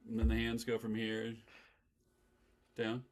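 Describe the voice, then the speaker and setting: A man hosting a podcast in a casual group chat, playful and quick to laugh, putting questions to the group. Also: fairly low pitch, completely flat delivery, darkish tone. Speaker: podcast host.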